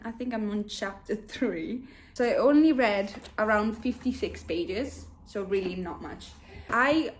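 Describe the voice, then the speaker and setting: With a medium-pitched, slightly mellow voice, a young woman in her twenties talks casually about the books she's reading as a book vlogger. She comes across bubbly and uses "like" constantly.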